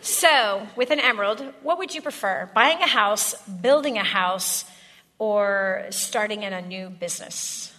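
A woman's voice: medium pitch, unhurried, pushed and bright, in a large hall. A woman leading a live workshop demonstration, upbeat and laughing easily as she coaches the room. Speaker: workshop presenter.

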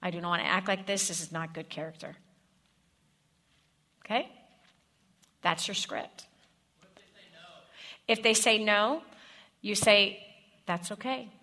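Bright-voiced woman preaching to a congregation. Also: medium pitch, slow, pauses often. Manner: direct, coaching the audience with scripts and repeated questions. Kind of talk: sermon.

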